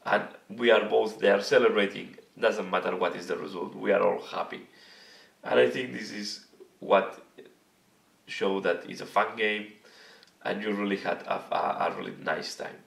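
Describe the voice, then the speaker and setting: A hoarse man hosting a hobby video channel, talking casually and earnestly to camera and searching for his words. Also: on the low side, steady tone, moderate pace, fairly bright tone. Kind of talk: casual vlog talk to camera. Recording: echoey room, mic at a distance.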